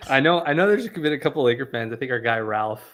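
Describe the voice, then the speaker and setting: Co-hosting a laid-back sports livestream, this man speaks quickly in a mid-range, fairly bright voice with lively intonation. His recollections are loose and conversational, punctuated by frequent laughter.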